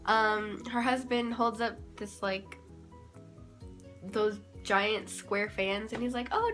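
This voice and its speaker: Young female vlogger, higher pitch, animated and self-mocking storyteller. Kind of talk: casual storytime.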